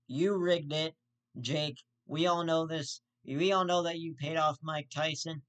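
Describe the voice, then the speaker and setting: A man hosting his own vlog, ranting with constant swearing and sudden outraged jumps in pitch. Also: fairly even intonation, a little slow, fairly bright tone, clear, resonant tone. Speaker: host. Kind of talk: profane vlog rant.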